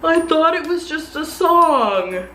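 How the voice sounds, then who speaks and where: A woman's voice: sits high, very animated, takes it slowly, bright, forceful tone, distant mic, a little hiss or hum, pitched above the performer's own voice, heavily acted. A young woman mimicking a clueless young man who sounds whiny and baffled. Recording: roomy echo, faint music.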